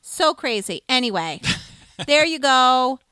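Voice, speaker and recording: A middle-aged woman co-hosting a livestream, telling a story in a casual, animated way and acting out the quoted voices. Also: high voice, takes it slowly, clean tone, no echo. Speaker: livestream co-host.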